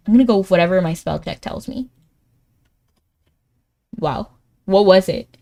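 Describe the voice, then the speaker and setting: At normal speed and with a creaky voice, a woman thinks aloud while playing a word game in a casual live-stream chat. She laughs a lot, jumping up in pitch when something excites her.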